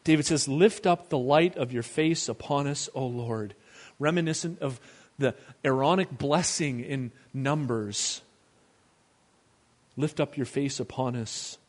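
A man pastor preaching a sermon, moving between hushed, tender passages and raised, emphatic ones. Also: mid-range voice, measured pace.

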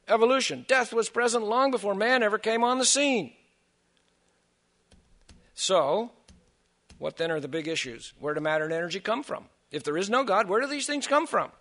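A man's voice: high voice, pushed and bright. A man giving an emphatic creationist lecture to a church audience, firing off rhetorical questions with joking asides. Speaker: creationist speaker.

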